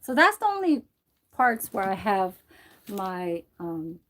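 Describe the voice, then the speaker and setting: Woman streamer, casual, profane, rambling, unhurried delivery; fits a relaxed hair-dye vlog. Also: medium pitch. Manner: loose, profane and rambling, with frequent laughter. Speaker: livestreamer. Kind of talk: casual chat while dyeing her hair.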